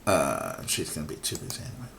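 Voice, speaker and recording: A man's voice: a bass voice, wildly swooping pitch, fast talker, gravelly, background noise. A young man streaming an old adventure game, giving sarcastic, swearing commentary. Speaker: let's play streamer. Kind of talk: casual gameplay commentary.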